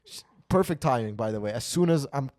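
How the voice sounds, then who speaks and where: A man's voice: medium pitch, expressive, fast, a little mellow. A man co-hosting a podcast, telling a profane, rambling, self-mocking story in casual chat. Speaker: podcast co-host.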